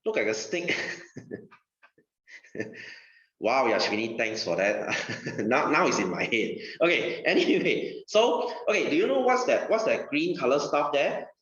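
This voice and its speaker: A man's voice: medium pitch, very animated, unhurried, a bit bright. A male science teacher, giving a casual lesson in a chatty way, repeating phrases and asking rhetorical questions. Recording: dull, roomy recording.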